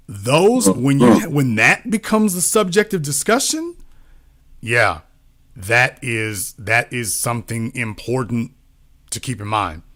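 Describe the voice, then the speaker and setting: A man's voice: mid-range voice, pushed and bright. A man talking as a political commentator in a casual discussion, often repeating himself and asking rhetorical questions.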